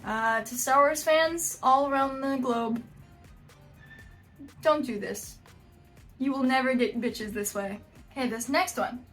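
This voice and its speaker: A woman hosting a casual reaction vlog, jokey, animated and self-deprecating. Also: high-pitched. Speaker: video host.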